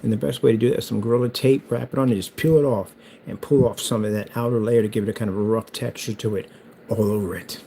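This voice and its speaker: Gravelly man hyping his DIY build. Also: lowish voice, fairly even intonation, fast talker, mellow, a little hiss or hum, low-quality recording. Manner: hyped, rambling, self-promoting. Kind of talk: casual build vlog.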